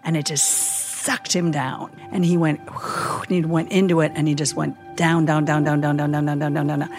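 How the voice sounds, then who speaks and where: Chaplain lady spinning a wild story on a podcast, low gravelly voice, soft music underneath. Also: normal speed. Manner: vivid, animated retelling full of "like" and "you know". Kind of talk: casual storytelling in a podcast chat.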